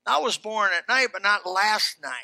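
A middle-aged pastor preaching a sermon, telling folksy stories with animated rises and shouts. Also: male voice, sits high, moderate pace, creaky, no echo.

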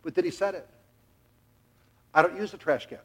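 A man's voice: sits high, moderate pace, slightly rough. A middle-aged man preaching a sermon in a church, telling a family story with jokes and acting out the quotes. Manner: animated, jokey, acts out quotes. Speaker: pastor.

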